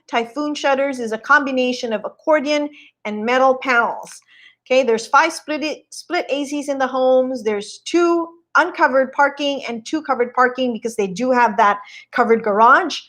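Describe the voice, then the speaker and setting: A woman's voice: high-pitched, moderate pace, fairly bright tone. Chatty woman touring a house listing. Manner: chatty, greets viewers mid-sentence, admiring. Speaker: real estate agent hosting a live stream. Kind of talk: casual live-stream walkthrough.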